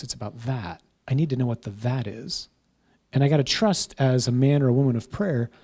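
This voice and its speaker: A man's voice: mid-range voice, darkish tone, slightly rough. A man, a parish priest, teaching a class in an informal conversational way, often checking in with "right?" and "huh?".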